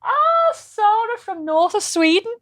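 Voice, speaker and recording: A woman's voice: extremely high pitch, sing-song, slow pace, fairly bright tone, no room sound, shouting, clean studio sound. A woman co-hosting a podcast in casual, rambling chat, swearing freely. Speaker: podcast co-host.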